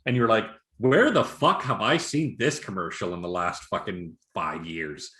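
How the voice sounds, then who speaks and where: A man co-hosting a casual podcast, swearing often as he rants in lively bursts. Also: lowish voice, normal speed, roomy sound. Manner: profane, ranting, animated. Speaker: podcast co-host. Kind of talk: casual chat.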